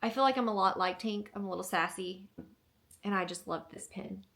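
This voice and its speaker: A bubbly young woman gushes through a casual haul video at home. Her talk is full of fillers, and her mid-pitched voice carries a gravelly fry. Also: brisk, fairly bright tone. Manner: bubbly and gushing, many fillers. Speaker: vlogger.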